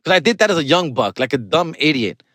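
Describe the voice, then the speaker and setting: A man in his forties, a podcast host with a Californian accent, telling a self-mocking story in an animated, slangy way. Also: a little high, fast talker, dry recording. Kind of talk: casual comedic monologue.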